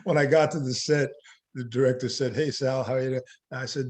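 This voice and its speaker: Older American man, actor guest, easygoing and self-mocking, quick laughs. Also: medium pitch. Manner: relaxed, self-deprecating, laughs often. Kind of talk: casual interview chat.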